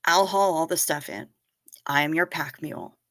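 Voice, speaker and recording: A middle-aged woman hosts a casual livestream, reading viewer comments and telling stories straight to her audience. Her fairly low voice has a forceful, tense edge and a normal speed; the sound is close and dry. She's an animated storyteller.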